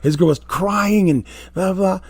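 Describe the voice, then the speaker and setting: Animated rambling man telling wrestling stories. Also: high voice, measured pace, creaky, husky, no echo. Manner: rambling, animated anecdotes with quoted voices. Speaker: guest, former wrestler. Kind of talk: casual storytelling interview.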